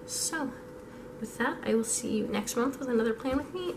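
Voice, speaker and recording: A hoarse young woman chatting through a casual planning vlog, thinking aloud. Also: fairly high pitch, measured pace, noisy background. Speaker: vlogger.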